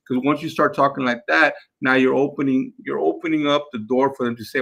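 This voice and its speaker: A man's voice: mid-range voice, brisk, vocal fry, hardly any pauses. A man coaching his team in a casual talk, repeating himself and acting out phone calls with sellers. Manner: energetic, repeats words, acts out phone calls. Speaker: real estate investing coach.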